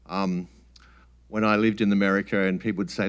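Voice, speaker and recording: A man giving a relaxed, plain-spoken scientific talk at a summit, with frequent ums and restarts. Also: deep voice, a little fast, clean tone. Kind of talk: conference talk with slides.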